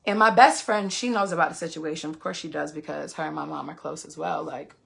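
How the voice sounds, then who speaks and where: A woman's voice: low-pitched, steady tone, brisk, vocal fry. A woman, telling a story on a phone livestream in a profane, emphatic way. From Queens, New York. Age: 20s. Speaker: live streamer.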